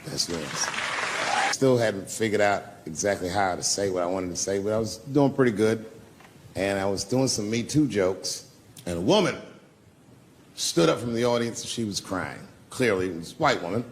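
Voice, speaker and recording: Gravelly man doing profane stand-up. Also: lowish voice, expressive, moderate pace, a faint crowd, a little hiss or hum. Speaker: stand-up comedian. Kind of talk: stand-up set. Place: small comedy club.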